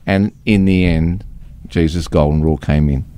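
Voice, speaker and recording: A man telling a story as a radio guest, lively, acting out the people he quotes. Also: low-pitched, normal speed, clean tone. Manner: animated, acts out quoted speech. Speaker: guest, ministry founder.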